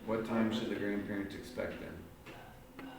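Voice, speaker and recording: A man's voice: lowish voice, fairly even intonation, a little slow, gravelly, noisy background. A man tutoring a group of students through algebra word problems, guiding them with patient questions. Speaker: math tutor. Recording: very echoey room, mic far off.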